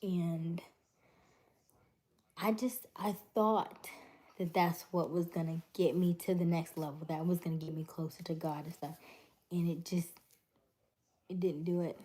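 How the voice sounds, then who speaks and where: A woman's voice: fairly low pitch, unhurried, long pauses. A middle-aged woman hosting a casual livestream chat, telling stories and acting out conversations as she reads the chat. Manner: animated storyteller, acts out dialogues, reads chat aloud. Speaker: livestream host.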